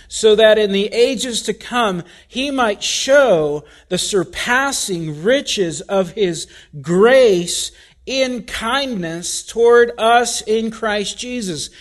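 Slow, high-voiced male preacher. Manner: deliberate, emphatic preaching with repetition. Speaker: pastor. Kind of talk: sermon.

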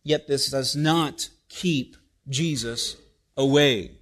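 Reading scripture in a slow, mid-range voice, this preacher poses rhetorical questions to his congregation. His volume swings widely as he delivers the sermon.

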